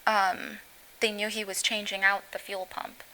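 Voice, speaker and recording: A middle-aged woman telling an interviewer about the day her son was hurt. Her bright voice stays on an even, flat pitch, and her sentences halt and break off as she tries to hold herself together. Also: rough recording. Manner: halting, voice breaking as she recounts. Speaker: guest, mother of injured teen. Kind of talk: emotional recounting in interview.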